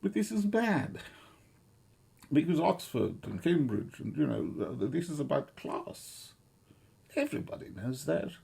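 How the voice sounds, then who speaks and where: A middle-aged man giving rambling, sardonic commentary, halting often with fillers and restarts. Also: fairly high pitch, sing-song, gravelly, dark tone, husky.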